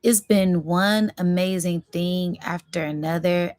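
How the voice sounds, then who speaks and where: A woman hosting a spiritual reading vlog, talking in a slow, effusive and emotional way, close to tears of joy and calling her viewers y'all. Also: lowish voice, steady tone, no room sound. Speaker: spiritual reading channel host.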